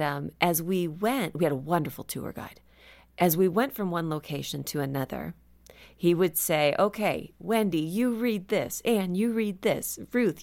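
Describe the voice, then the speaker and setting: A woman guest on a Christian radio talk show, speaking earnestly and animatedly about reading scripture slowly. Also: on the low side, darkish tone. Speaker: guest author. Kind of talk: casual radio conversation.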